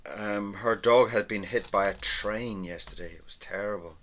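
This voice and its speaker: A man talking casually as he draws, chatty and meandering, often trailing off into a soft murmur. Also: on the low side, normal speed. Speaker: artist and vlogger. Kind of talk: casual narration while drawing.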